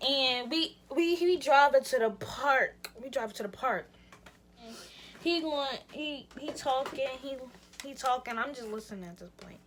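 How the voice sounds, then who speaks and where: A woman's voice: sits high, expressive, unhurried, slight background noise. A young woman vlogger telling a rambling, slangy story in a casual chat with lots of "like" and restarts. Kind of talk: casual storytime while getting ready.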